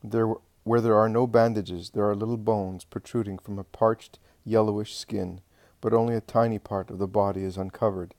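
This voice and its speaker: Guy reading a religious story aloud, lowish mellow voice, dry close sound. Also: fairly even intonation, no echo. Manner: measured, earnest reading. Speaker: narrator. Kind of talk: scripted reading of a religious narrative.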